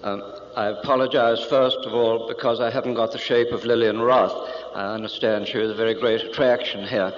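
A man's voice: medium pitch, steady tone, fairly quick, hardly any pauses, a little hiss or hum. Irish male guest speaker, dry wit, anecdotal; muffled vintage hall recording with long reverb. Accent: Irish with English-sounding speech. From Ireland. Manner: dry self-deprecating humor, anecdotal. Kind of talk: public talk to a meeting. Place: large meeting hall.

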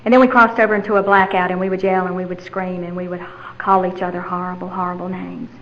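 A middle-aged woman telling her own recovery story candidly, with steady repetition in her phrasing. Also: lowish voice, fast, highs cut off, slight background noise. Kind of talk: personal testimony.

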